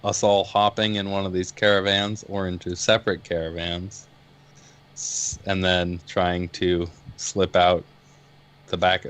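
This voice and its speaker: A man with a very low voice talks through a plan at a tabletop game. He thinks aloud, hesitating and restarting. The talk is casual and loose. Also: fairly bright tone. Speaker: player.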